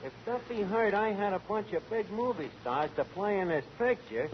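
Casting: a scheming wise-guy barkeep, lively highish voice, hissy old radio broadcast. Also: dull audio. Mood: wisecracking. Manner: brash, fast-talking, mangled grammar. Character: brash fast-talking tavern manager, a scheming wise guy. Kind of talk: 1940s radio comedy.

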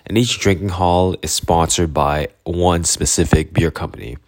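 A young man from Canada rambles through a travel story, laughing and acting out the people he met. His voice sits very low and the recording is dry and close. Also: steady tone, normal speed, dry recording. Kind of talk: casual storytelling.

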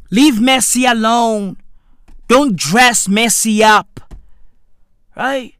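Man, profane comic rant, bright voice, dry close sound, incredulous. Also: slow, clear, resonant tone, no echo. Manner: incredulous, swearing, jumps to squeaky high pitch in disbelief. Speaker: comedian.

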